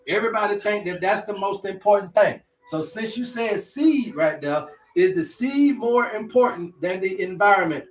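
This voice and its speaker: Male host, higher voice; preachy, repetitive livestream teacher addressing viewers. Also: moderate pace, hardly any pauses, faint music behind. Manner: preachy, repetitive, slangy, talks to chat.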